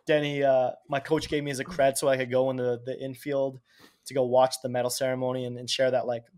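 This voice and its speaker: Chatty man telling an animated story. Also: medium pitch, fast talker. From Canada. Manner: animated, swears casually, acts out quotes. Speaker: podcast guest, Olympic speed skater. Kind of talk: casual storytelling.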